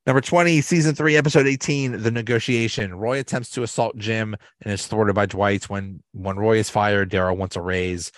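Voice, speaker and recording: A man hosting a podcast, casually retelling sitcom episodes in a rambling, halting way with restarts and laughter. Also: lowish voice, fairly even intonation, no echo. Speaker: podcast host. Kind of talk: casual solo recap.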